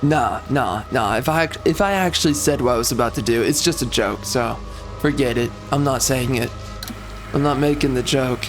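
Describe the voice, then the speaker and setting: A man's voice: medium pitch, normal speed. A man giving sarcastic, mocking running commentary while playing a video game. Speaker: streamer. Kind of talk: gameplay commentary. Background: game music and sound.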